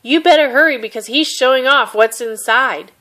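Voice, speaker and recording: Storybook: woman as a friendly man hollering news from a cart, pitched a little high. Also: normal speed. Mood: excited. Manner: excited, shouting news.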